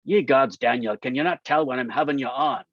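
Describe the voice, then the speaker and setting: Angus, a man reading as a gruff elder. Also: mid-range voice, a little fast, no echo, close to an everyday voice. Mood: teasing. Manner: dry, mocking. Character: gruff, teasing older Scottish male politician. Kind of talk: reading aloud from a novel. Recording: muffled lo-fi dry sound.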